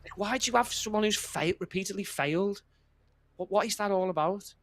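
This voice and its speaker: A man's voice: sits high, fairly quick, a bit bright. A man co-hosting a casual political chat, talking bluntly and swearing as he rambles. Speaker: podcast co-host.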